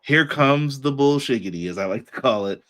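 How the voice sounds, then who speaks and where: A man hosting a podcast, reviewing a wrestling show in a casual chat and acting out the wrestlers in quick put-on voices. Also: mid-range voice, expressive, a bit bright. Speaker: podcast host.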